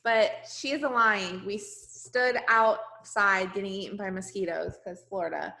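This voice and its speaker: A woman's voice: medium pitch, fairly even intonation, unhurried, vocal fry, bright, forceful tone. A woman leading her team in a direct, emphatic motivational talk on a video call, repeating lines for emphasis. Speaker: team leader.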